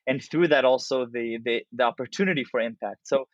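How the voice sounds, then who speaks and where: A man hosting a podcast interview, framing his questions slowly with frequent restarts, from outside the United States. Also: medium pitch, dry recording, lo-fi sound. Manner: halting, restarts phrases while framing questions. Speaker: podcast host.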